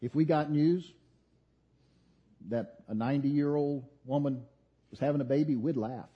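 A man preaching a sermon, retelling scripture as an animated story. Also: fairly high pitch, unhurried, slightly rough. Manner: animated storytelling, voicing quoted figures. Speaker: pastor. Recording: dull lo-fi sound.

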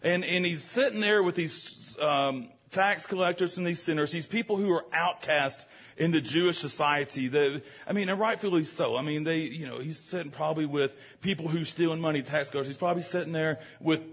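A man delivers a sermon, his voice slightly husky and a touch higher than most. He talks straight to the congregation, animated and joking. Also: brisk. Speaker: preacher. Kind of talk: storytelling sermon.

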